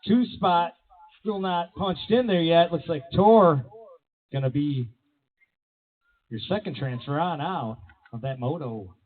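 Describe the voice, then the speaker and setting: A man announcing races live at an outdoor BMX track, with energetic play-by-play full of rider nicknames. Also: a little high, slow pace, long pauses. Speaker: race announcer. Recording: tinny, phone-like sound.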